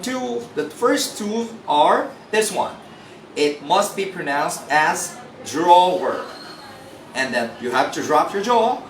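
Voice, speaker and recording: A Filipino-accented man gives a pronunciation lesson at an unhurried pace, spelling out letters before saying each word. His fairly high voice sits back from the mic in an echoey room. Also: a bit bright. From Philippines. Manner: spells words letter by letter and repeats model pronunciations. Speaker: English pronunciation teacher. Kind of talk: recorded tutorial lesson. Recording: roomy, distant mic with faint noise.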